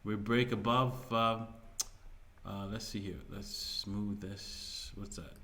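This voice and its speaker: A man with a fairly low-pitched voice hosts his own video in a loose, rambling way. He trips over his words, fills gaps with "um" and "uh", and chuckles at his own asides. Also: steady tone, takes it slowly, sharp tone, a little hiss or hum. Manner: rambling, many fillers and restarts, chuckles at own jokes. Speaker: crypto video host. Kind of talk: casual market commentary.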